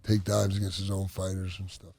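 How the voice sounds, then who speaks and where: Low-voiced guy rambling thru old fight stories, dry close mic. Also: monotone, creaky, darkish tone, husky, dry recording. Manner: rambling, halting, laughs through stories. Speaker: former pro boxer and podcast host. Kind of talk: casual storytelling chat. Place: studio with others at a table.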